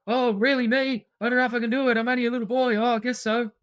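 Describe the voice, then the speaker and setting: A man's voice: extremely high pitch, flat delivery, fast, fairly bright tone, clean tone, pitched above the performer's own voice. A man voicing a timid little boy in a told story, in a raised, eager voice. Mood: timid, unsure. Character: small boy sent on a quest, timid.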